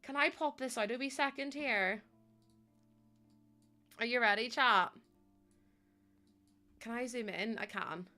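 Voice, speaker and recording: High, bright-voiced excitable woman streamer. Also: slow pace, pauses often, soft background music. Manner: excitable, gushing, laughs often. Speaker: live streamer. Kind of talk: casual stream chat with viewers.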